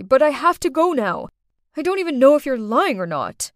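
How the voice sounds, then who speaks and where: A young woman narrating a first-person animated story in a dramatic, exclaiming manner. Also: high-pitched, normal speed, no echo, clean studio sound. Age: young adult.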